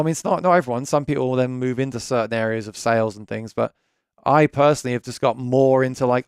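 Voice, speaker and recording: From his home studio, a British man hosts a live stream about gear, talking in a mid-range voice that sounds smooth with no echo. He's chatty and rambling, frequently restarting his sentences and correcting himself.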